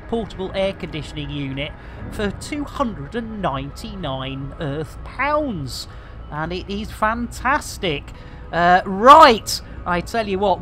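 Man, British accent, middle-aged, game streamer, slow playful commentary, catchphrases. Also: sits high, a bit bright. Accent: British English. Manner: jokey, exclamatory, chatty with playful catchphrases. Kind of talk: live gameplay commentary. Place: home room with air conditioning.

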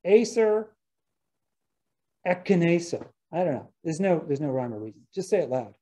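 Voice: medium pitch, lively intonation, fast, dark tone, rough recording. A botany lecturer giving a casual talk to gardeners, chatty, often restarting sentences and dropping wry asides.

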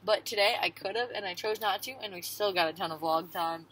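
A woman's voice: mid-range voice, a little fast, a bit bright. A young woman in a casual vlog, talking to her viewers in a chatty, rambling and playful way. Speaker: vlogger.

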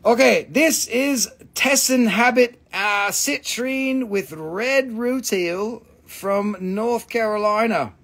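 A man's voice: sits high, slow, hardly any pauses, a bit bright. A man hosting a live sale of rocks and crystals, chatting casually with profane, teasing jokes. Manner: joking, profane, teasing banter; trails off with repeated fillers when flustered. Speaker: host selling rocks and crystals on a live stream. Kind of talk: casual live sales chat.

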